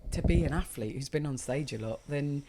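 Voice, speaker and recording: A woman in her thirties, a stand-up comedian, talking casually and at length, animated and swearing freely. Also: sits low, fairly quick. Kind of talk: casual conversation.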